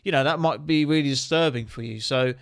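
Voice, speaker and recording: A man's voice: medium pitch, fairly quick, no echo, studio quality. A man hosting, chatting playfully to the viewer and asking them questions. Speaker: host. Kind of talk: casual chat to camera.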